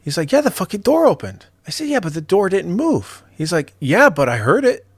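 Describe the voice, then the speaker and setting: A man's voice: sits high, big pitch swings, fairly quick, husky, dry recording, studio quality. A young adult man in casual chat, telling a ghost story with swearing and laughter.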